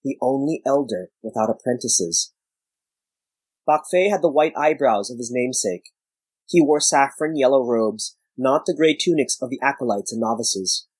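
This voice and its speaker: A man's voice: medium pitch, moderate pace, a little mellow, husky, dry recording, low-quality recording. Man narrating a story, dry close sound. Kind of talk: scripted audiobook narration.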